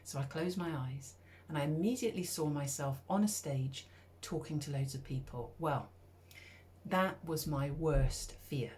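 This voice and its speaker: A middle-aged woman from the UK telling a personal story in a lively, conversational way, acting out her own thoughts. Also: sits low, measured pace, a little hiss or hum. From United Kingdom. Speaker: speaker.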